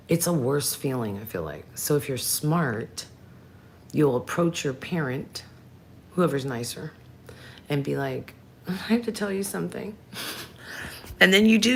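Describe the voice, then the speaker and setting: Low, gravelly-voiced woman chatting on a livestream. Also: a little hiss or hum. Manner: chatty, frank, answers viewers by name. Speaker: livestream host. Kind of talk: casual livestream chat.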